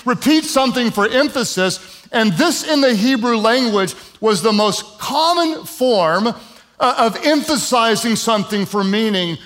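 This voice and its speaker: A man preaching with a notably high voice. He talks conversationally, with "um" fillers, hammering points home through repetition and easing the sermon with humorous asides. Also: expressive, a little slow, fairly bright tone. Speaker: pastor.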